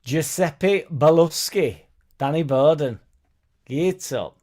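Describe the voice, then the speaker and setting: Pitched on the high side, his darkish voice is animated yet unhurried. He's the host of an easygoing football fan stream, reading out audience comments and chatting back about them.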